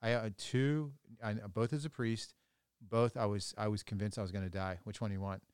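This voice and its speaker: A man's voice: on the low side, fairly even intonation, moderate pace, clear, resonant tone, dry recording, clean studio sound. A man, a priest co-hosting a podcast, chatting casually and rambling, often restarting his sentences. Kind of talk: casual chat.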